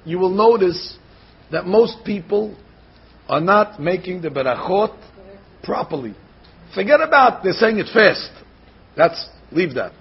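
A man giving a Torah class as a rabbi, animated, slowly sounding out words to show how they should be said. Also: high voice, gravelly, slightly rough. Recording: dull lo-fi recording.

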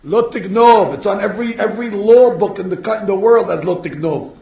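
Rabbi delivering a sermon, gravelly, slightly high for a man; echoey, dull recording. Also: a little fast. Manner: animated, rhetorical questions, acts out quotes. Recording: echoey room, dull sound.

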